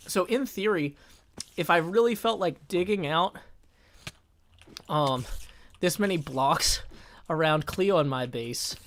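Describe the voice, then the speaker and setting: A man's voice: fairly high pitch, slow pace, long pauses, a bit bright, a little hiss or hum. Man rambling through a live game stream. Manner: thinks aloud, self-interrupting, reads chat. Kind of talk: casual live-stream commentary while gaming.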